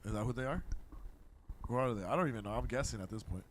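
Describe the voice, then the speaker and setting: A man co-hosting a casual reaction chat, blunt and profane, agreeing in quick interjections. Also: medium pitch, slight background noise. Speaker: podcast co-host.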